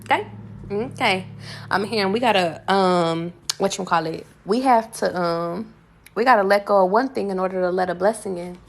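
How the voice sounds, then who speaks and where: A woman's voice: mid-range voice, normal speed, gravelly, poor audio. A woman giving a live tarot reading, talking casually and bluntly with plenty of profanity, passing on intuitive messages. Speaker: tarot reader.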